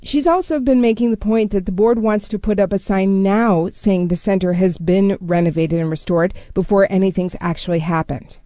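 A woman culture correspondent explaining a story in a measured, steady way during a radio news interview. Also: medium pitch, no room sound.

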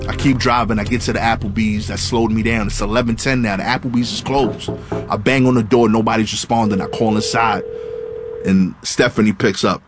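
A man telling a personal story in an animated way, with sudden pitch jumps for emphasis. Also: fairly quick. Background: music playing underneath.

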